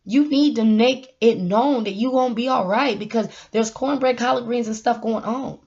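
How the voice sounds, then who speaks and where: A woman's voice: a little high, moderate pace, darkish tone. A woman in her twenties, joking through a mock prayer in a preacher's cadence and then giving a casual pep talk with repeated calls to the Lord. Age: 20s. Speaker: vlogger. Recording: dull lo-fi recording.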